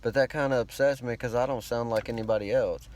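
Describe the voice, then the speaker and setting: A man with a rural American country accent speaks in a drawling, laid-back voice. He meanders from thought to thought, swearing casually and sounding a little self-conscious. His pitch sits in an ordinary middle range. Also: steady tone, quick pace, a little mellow. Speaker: vlogger. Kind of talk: rambling casual monologue.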